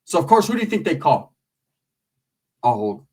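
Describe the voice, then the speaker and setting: A man's voice: a little high, very animated, normal speed, darkish tone, slightly rough, recorded from a distance. Streetwise man spinning a profane story. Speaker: comedian telling a story. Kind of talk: casual comic storytelling.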